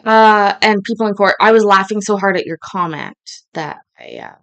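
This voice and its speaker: Animated, laughing woman host. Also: medium pitch, normal speed, gravelly. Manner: laughing, animated, swears freely. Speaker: host reacting to court clips. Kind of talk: casual reaction commentary.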